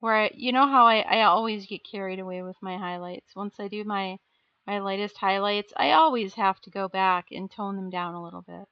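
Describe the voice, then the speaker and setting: A woman's voice: medium pitch, steady tone, moderate pace, dry recording, highs cut off. A woman live streaming as she paints miniatures, chatting casually and self-deprecatingly while answering her chat.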